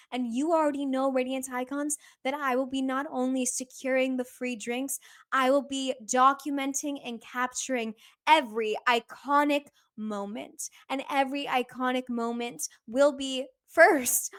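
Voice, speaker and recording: Bubbly high-voiced woman podcast host. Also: fairly even intonation, normal speed, fairly bright tone. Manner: bubbly, gushing, playful. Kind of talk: casual podcast chat and outro.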